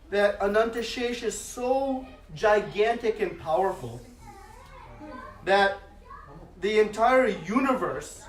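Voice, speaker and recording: A man giving a devotional class, telling a sacred story expressively, with frequent fillers. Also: high voice. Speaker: speaker giving a religious class. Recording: echoey hall, mic at a distance.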